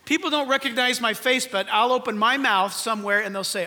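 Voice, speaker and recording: An older male pastor preaching with a very high, nasal voice that rings bright and sharp. He drives home each point with earnest emphasis, rhetorical questions and flashes of humor. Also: a little fast. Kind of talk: sermon.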